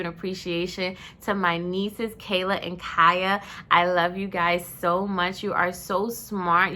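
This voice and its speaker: A young woman pours out praise for her family in an emotional, effusive tribute. Her voice sits fairly low yet sounds bright and forward. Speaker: vlogger honoring her family. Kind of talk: heartfelt personal tribute.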